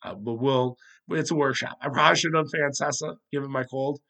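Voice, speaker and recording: A young man hosts a solo sports podcast in a bright, forward voice, a little stuffed up from a cold. He rambles, works things out aloud, and pokes fun at himself along the way. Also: medium pitch, fairly quick, gravelly. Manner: rambling, self-deprecating, thinks out loud. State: slightly congested with a cold.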